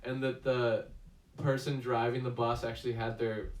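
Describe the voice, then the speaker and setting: A man's voice: medium pitch, level tone, normal speed. Rambling man reviewing a movie, echoey. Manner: rambling, many fillers and restarts. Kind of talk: casual movie review chat. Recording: echoey room, distant mic.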